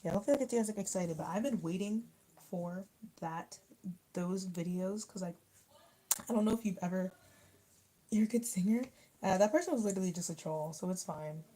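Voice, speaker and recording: A woman's voice: mid-range voice, fairly quick, long pauses, warm tone, poor audio. A young woman in casual livestream chat, rambling with lots of fillers as she answers comments while eating. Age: young adult. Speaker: YouTuber reading live chat.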